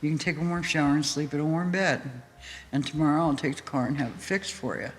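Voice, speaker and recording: A woman guest in an interview, telling a story in a lively way, laughing often and acting out what people said. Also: sits low, fast talker. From United States. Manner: animated, laughing storyteller who acts out quotes. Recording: hall reverb with faint music.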